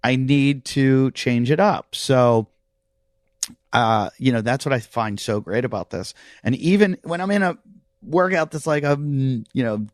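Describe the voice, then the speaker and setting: A man hosting a podcast at a gym, telling restless, animated stories in casual chat, with plenty of swearing. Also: medium pitch, unhurried, dry recording, clean studio sound. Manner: animated, profane, restless storytelling. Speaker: podcast host. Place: CrossFit gym.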